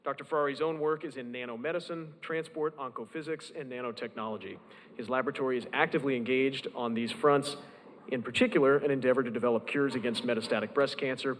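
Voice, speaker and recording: A man's voice: mid-range voice, steady tone, quick pace. Formal male emcee in a reverberant hall. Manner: formal and announcing. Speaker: event emcee. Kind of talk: formal scripted introduction. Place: large conference hall. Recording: long hall reverb with faint ambience.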